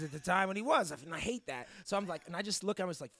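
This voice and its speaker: Fast-talking, swearing podcast host man. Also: on the high side. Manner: fast, profane, animated storytelling. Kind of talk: casual chat, storytelling.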